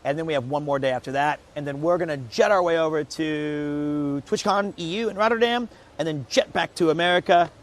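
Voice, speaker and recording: A man with a slightly high voice hosts a casual travel stream. He talks upbeat and chatty to his viewers. He sounds lively and friendly throughout. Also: fairly quick. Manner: chatty, upbeat, reads aloud to chat. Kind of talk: casual travel vlog chat.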